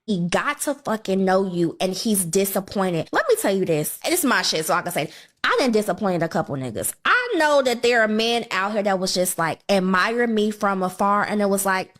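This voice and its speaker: A woman's voice: mid-range voice, lively intonation, moderate pace, a bit bright. A woman talking frankly and profanely in a casual social media clip.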